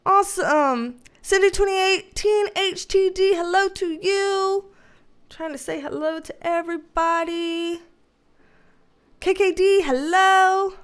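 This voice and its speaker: A woman's voice: very high-pitched, takes it slowly. A woman hosting a casual livestream, greeting viewers by name, laughing often and swearing casually. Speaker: livestream host. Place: dim indoor room with ring light.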